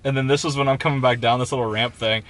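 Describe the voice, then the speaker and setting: Young guy co-hosting a podcast, casual storytelling, mid pitch, does voices for people in the story. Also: quick pace. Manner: animated, quotes people in raised voices. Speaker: podcast co-host.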